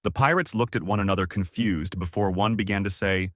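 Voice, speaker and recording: A man narrating a fan-made story in a steady, scripted storytelling manner. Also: low-pitched, fairly quick, no room sound, studio quality.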